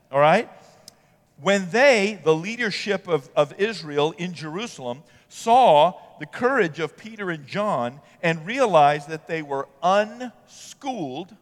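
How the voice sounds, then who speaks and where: A male pastor preaches in a relaxed, conversational way and often pauses to check in with his listeners. His voice sits on the higher side for a man. The sound carries a long reverb from a large church sanctuary. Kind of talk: sermon.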